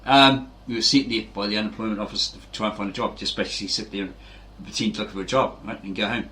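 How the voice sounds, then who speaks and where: A fitness channel host talks fast in a fairly low, steady voice that sounds pushed and bright, with a little hiss or hum behind it. He rambles through anecdotes in a casual motivational monologue, repeatedly tagging on "right?".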